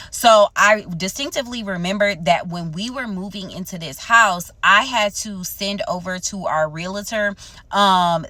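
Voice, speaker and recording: A woman's voice: on the low side, no room sound. A woman telling a personal story in a casual, slangy, dramatic way. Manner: animated, slangy, dramatic retelling.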